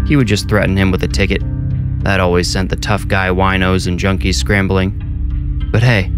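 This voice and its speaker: A man narrating a horror story in a measured, steady scripted style. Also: lowish voice. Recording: narration over clear background music.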